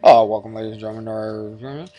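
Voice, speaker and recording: A man's voice: on the low side, steady tone, fast, muffled recording, voice pushed down, lightly acted. A man doing a showy airline pilot voice making a cabin announcement. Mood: welcoming. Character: schmoozy male airline pilot on the intercom.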